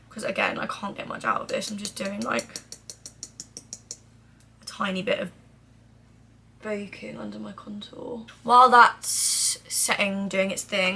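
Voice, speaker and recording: Her voice is medium in pitch, pushed and bright, with vocal fry and a breathy edge. She's a young beauty vlogger doing her makeup and chatting casually for a get-ready-with-me video, saying "like" a lot, swearing now and then, and sinking into a mutter during application.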